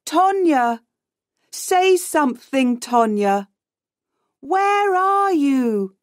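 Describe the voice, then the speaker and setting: A woman voicing a practical, urgent young man, read slowly and clearly. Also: a little high, darkish tone, dry recording, clean studio sound, pitched above the performer's own voice. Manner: slow, clear reading.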